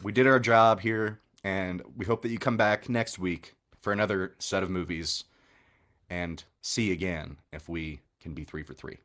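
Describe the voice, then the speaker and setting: A man's voice: low voice, normal speed. A man co-hosting a movie podcast, chatting casually and wrapping up the episode. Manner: relaxed, wraps up the show. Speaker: podcast co-host. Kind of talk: casual chat.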